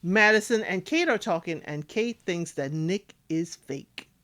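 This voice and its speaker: A woman's voice: on the low side, animated, measured pace, fairly bright tone. A woman giving casual recap commentary on a reality dating show, acting out cast members' lines as she talks.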